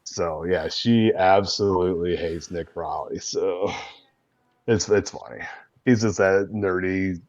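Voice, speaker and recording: A man's voice: sits low, slow pace, darkish tone, dry recording. A middle-aged American man, a guest roleplayer, telling casual rambling anecdotes over a video call, peppered with "man" and "dude". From United States. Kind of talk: casual storytelling interview. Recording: dull, dry, lo-fi mic.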